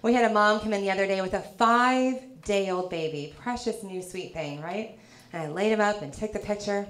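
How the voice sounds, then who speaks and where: A woman from the South, performing a stand-up comedy set with a dry, teasing delivery and quick punchlines. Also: mid-range voice. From American South. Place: comedy club stage. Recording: live club with loud crowd laughter. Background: audience laughter.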